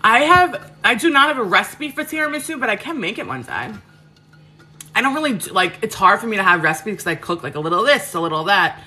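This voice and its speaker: Chatty Queens woman with a bright voice. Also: mid-range voice, big pitch swings, brisk, faint music behind. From Queens, New York. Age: 30s. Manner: chatty, frank, full of fillers and restarts. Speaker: cooking livestream host. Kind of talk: casual live chat answering viewers. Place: home kitchen.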